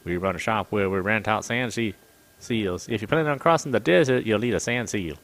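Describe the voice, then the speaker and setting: A friendly middle-aged woman runs a small rental shop and chats up customers, as a man puts her on. She talks briskly in a salesy way in a game reading. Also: fairly bright tone. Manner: chatty sales pitch. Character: friendly middle-aged female shopkeeper, chatty.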